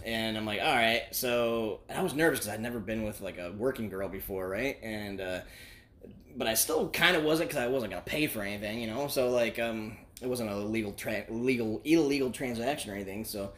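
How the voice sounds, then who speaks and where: A man's voice: on the low side, a little fast, a bit bright. A man in his forties telling a long personal story in casual, profane chat, rambling, laughing often and acting out the voices of the people in it.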